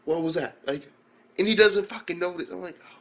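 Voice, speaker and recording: A man with a high, brisk voice and a fairly bright tone gives a casual, rambling video review of an anime. He swears constantly and acts out the scenes as he goes.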